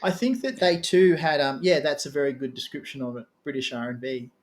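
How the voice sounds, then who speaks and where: A man interviewing a musician in a casual, chatty way, joking and thinking aloud. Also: mid-range voice. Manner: chatty, animated, quick to joke. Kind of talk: casual conversation.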